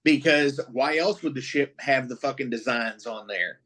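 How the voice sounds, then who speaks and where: A man co-hosting a podcast, chatting casually with a profane, excitable fan's rambling. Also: medium pitch, moderate pace. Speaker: podcast co-host. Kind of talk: casual chat.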